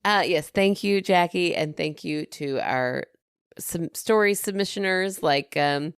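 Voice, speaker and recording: A woman's voice: on the low side, a little slow, clear, resonant tone, no room sound, clean studio sound. A woman co-hosting a podcast in casual chat, running through plugs with a chatty, rambling manner. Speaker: podcast co-host.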